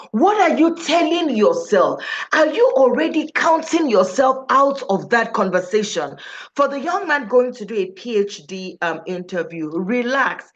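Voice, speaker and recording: Woman, speaking coach, lively pitch, emphatic questions to the room, dull lo-fi sound. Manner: animated, emphatic, asks the audience questions. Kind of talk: motivational talk to an audience. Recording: dull, slightly lo-fi recording.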